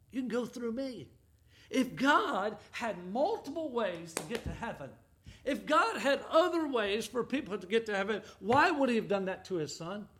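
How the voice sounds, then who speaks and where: A man preaching a sermon as pastor, emphatic, quoting scripture slowly and stressing each phrase, dropping to a hush when he appeals to listeners. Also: extremely high pitch. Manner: quotes scripture in a slow, stressed voice.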